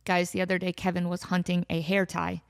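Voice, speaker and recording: A woman hosting a casual comedy podcast, animated and laughing often as she riffs and quotes her cat. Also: on the low side, brisk, gravelly, clean tone. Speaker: podcast host. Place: home in desert valley.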